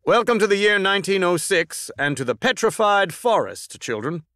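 A man's voice: high voice, expressive, normal speed, pushed and bright, no echo, studio quality, voice pushed up. A man voicing a hearty, boisterous older president in a storybook podcast. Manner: boisterous, declamatory.

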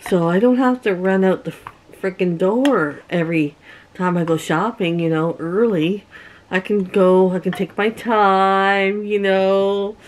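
A middle-aged woman from Canada talks slowly and unhurriedly to her phone camera at home, in a chatty, rambling way. Her pitch sits in an ordinary middle range for a woman, and a faint hum of room noise stays behind her. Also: fairly even intonation. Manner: chatty, rambling storytelling with laughs. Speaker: vlogger. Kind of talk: casual chat to camera.

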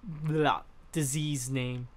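A man's voice: a little high, fairly even intonation, drawn-out words. A young man giving casual let's-play commentary, rambling, swearing freely and often trailing off mid-thought. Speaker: gaming channel host.

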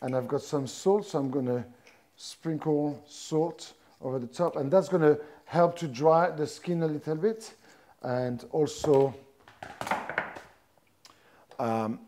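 A middle-aged French chef with a mellow, somewhat high voice chats his audience through a live cooking demonstration. He explains each step in turn but often halts and restarts his sentences.

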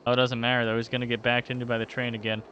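This young YouTuber's let's-play commentary is profane and joking, reacting to whatever happens in the game. He speaks rapid-fire in a medium-pitched, monotone voice that sounds pushed and bright. The sound is lo-fi, with slight background noise.

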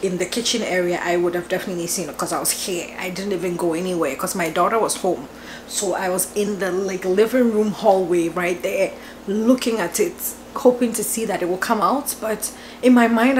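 A woman in her twenties, a vlogger telling a story at home in a lively, chatty way, laughing often and filling her talk with "like". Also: medium pitch, slight background noise. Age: 20s. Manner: animated, laughing, lots of "like" fillers. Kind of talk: casual storytelling vlog. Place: home, indoors.

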